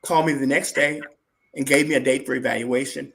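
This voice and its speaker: A man being interviewed as a guest, telling a personal story in an animated way and acting out what other people said. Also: medium pitch, a little fast, vocal fry, a little hiss or hum.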